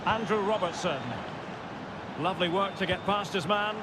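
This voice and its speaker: A man giving prerecorded play-by-play commentary for a football video game, calling out players crisply and lifting his voice on chances and goals. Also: sits high, fairly even intonation, normal speed. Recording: game audio over loud stadium noise.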